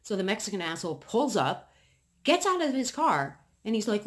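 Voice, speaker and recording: Woman from New England, casual ranting vlogger, emphatic and swearing, lively voice. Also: medium pitch, normal speed. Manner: heated, profane, emphatic ranting.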